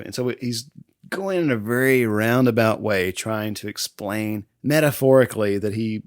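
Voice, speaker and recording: A man's voice: lowish voice, normal speed, dry recording, studio quality. A man hosting a podcast, retelling a movie in casual chat and laughing often as he goes. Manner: laughs often, acts out quotes in passing. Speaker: podcast host.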